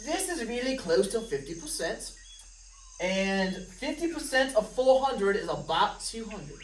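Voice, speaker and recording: A woman math teacher talks students through test problems with a playful, joking manner. Her voice sits at an ordinary pitch and lands a step away from the microphone. The room adds a noticeable echo around her. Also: a little hiss or hum. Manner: playful, jokey asides to students. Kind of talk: recorded math test review lesson. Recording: roomy, from a distance of the mic.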